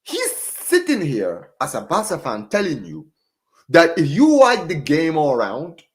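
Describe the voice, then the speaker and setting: Animated, sarcastic streamer man ranting. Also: a little high. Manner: animated, ranting and sarcastic, repeats words and says "bro". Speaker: football reaction streamer. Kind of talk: live fan reaction chat.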